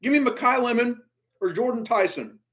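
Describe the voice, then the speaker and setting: A man with a high-pitched voice rants through a live draft reaction stream. He mutters low and grumbling, then bursts out louder in exasperation. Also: lively intonation, normal speed. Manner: exasperated ranting, swings from muttering to outbursts.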